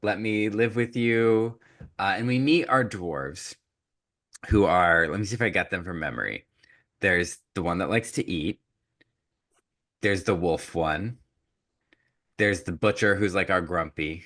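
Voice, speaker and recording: A man co-hosting a podcast, recapping a film in casual chat and acting out characters in quick asides. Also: low-pitched, lively intonation, a bit bright. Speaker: podcast co-host.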